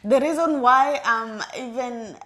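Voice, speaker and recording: A woman's voice: fairly high pitch, a little slow, a bit bright. A woman co-hosting a relationship talk with her partner, speaking directly to viewers in a chatty, repetitive way. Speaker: co-host of a couple's channel. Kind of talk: casual chat.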